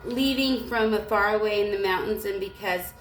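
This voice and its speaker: A woman vlogger in a rambling, emotional spiritual monologue, irritated and halting, with a gravelly voice. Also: medium pitch, fairly bright tone, recorded from a distance, slight background noise. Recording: echoey room with faint ambience.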